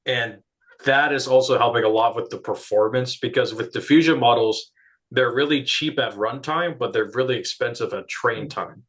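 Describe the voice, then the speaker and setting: A man's voice: mid-range voice, normal speed, a bit bright. A man in a casual technical discussion who thinks aloud, hedging and leaning on filler words. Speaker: discussion participant.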